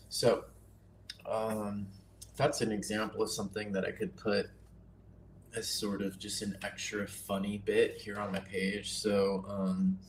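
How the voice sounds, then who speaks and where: A man casually teaching nature journaling on a livestream, relaxed and chatty with self-deprecating asides. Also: fairly low pitch, unhurried, a little hiss or hum.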